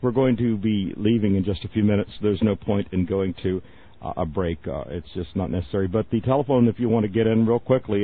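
A man's voice: on the low side, fairly quick, slightly rough. A man hosting a radio call-in show, chatting in a rambling way and laughing often. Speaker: radio talk show host. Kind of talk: casual radio call-in chat. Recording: narrow phone-like radio sound.

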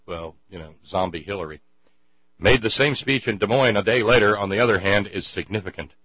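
A man's voice: sits low, dry recording. A man hosting a political commentary monologue, sarcastic and given to stammering restarts, on a dull lo-fi mic with mains hum. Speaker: show host.

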